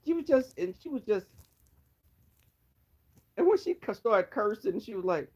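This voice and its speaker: A man's voice: sits high, big pitch swings, unhurried, pauses often, a little mellow, a little hiss or hum, low-quality recording. A man vlogger roasting someone in a sassy, dramatic way. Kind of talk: sassy commentary.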